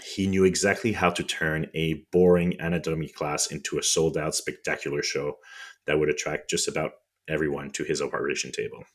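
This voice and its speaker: French-accented guy cohosting a podcast, super low voice, lots of ums and stumbles over long words. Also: level tone, fairly quick. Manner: frequent ums, restarts on tricky words. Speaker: podcast co-host. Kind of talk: casual explanatory chat.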